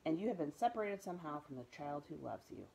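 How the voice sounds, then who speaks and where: A woman voicing a huge, gentle bearded man who speaks in a formal, genteel way. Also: deep voice, sing-song, quick pace, creaky, slight background noise, exaggerated voice, low-quality recording. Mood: kindly.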